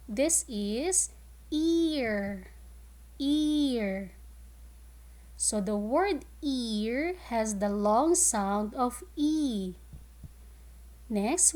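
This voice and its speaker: A woman teaching a phonics lesson to young children, modeling words clearly and slowly and giving praise. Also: a little high, darkish tone. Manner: slow, clear, drawn-out word modeling with praise. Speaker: kindergarten teacher.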